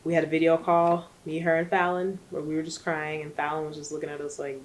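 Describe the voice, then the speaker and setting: A woman's voice: low voice, fairly quick, poor audio. A young woman, recapping a book in a loose, rambling vlog. She talks casually with plenty of fillers, and a faint hum of room noise sits behind her. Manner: rambling, chatty, many fillers. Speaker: book vlogger.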